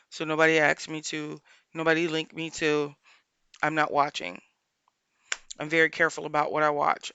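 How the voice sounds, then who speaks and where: A woman life coach hosting a solo podcast, speaking earnestly and repeating her points for emphasis, pausing often to think aloud. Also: low voice, gravelly, pushed and bright, smooth, no echo.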